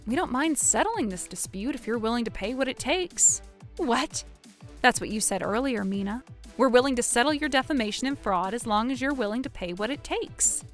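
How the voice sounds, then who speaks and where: A woman with a fairly high voice and lively intonation narrates a dramatic story at a normal speed, performing every character herself and shifting between them. Faint music plays in the background.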